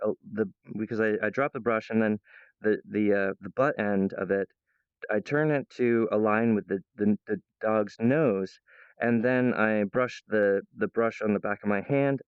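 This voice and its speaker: In his kitchen at home, a man rambles playfully to the camera in a mid-range, clean voice, restarting sentences, chasing stray thoughts and putting on silly voices. The recording is dry and lo-fi.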